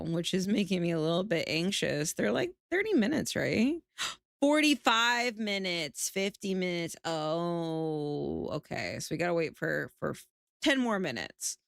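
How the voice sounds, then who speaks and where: A woman's voice: fairly low pitch, vocal fry, a bit bright, dry recording, studio quality. A sleepy woman streaming from home, chatting casually, swearing freely and laughing often. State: sleepy, yawning. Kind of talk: casual chat.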